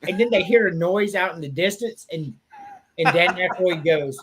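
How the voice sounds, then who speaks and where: A man's voice: high voice, moderate pace, a little hiss or hum. A man co-hosting a casual sports podcast, retelling comedy scenes with lots of swearing and acted-out quotes. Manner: animated storyteller, acts out movie quotes, swears freely. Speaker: podcast co-host. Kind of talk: casual chat.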